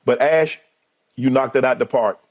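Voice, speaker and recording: A man in his fifties, a sports debate co-host, giving a heartfelt, choked-up farewell speech with halting restarts in a TV studio. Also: medium pitch.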